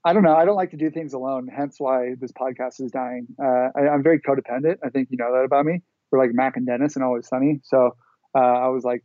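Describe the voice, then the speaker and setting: A man co-hosting a podcast in casual banter, cracking wry, deadpan jokes and swearing. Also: medium pitch, fast talker, no echo, narrow, tinny audio. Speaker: podcast co-host.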